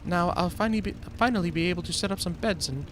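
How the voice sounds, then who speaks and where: A man voicing a woman caregiver in a relief camp, straining for a higher voice with a shaky put-on accent while reading game dialogue. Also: fast, background noise, lightly acted. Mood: grateful.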